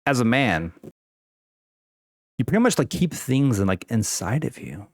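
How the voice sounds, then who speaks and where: A young man rambles through an unscripted personal rant, full of fillers, restarts and casual swearing. His voice leaps high and drops low as he talks. The sound is close and dry, with no room echo. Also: sing-song, unhurried. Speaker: vlogger.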